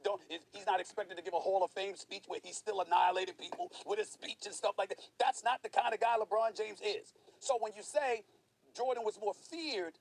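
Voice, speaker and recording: A male sports commentator arguing his point emphatically, with a high voice and a fast clip. He builds up to forceful bursts. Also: vocal fry, slight background noise, rough recording.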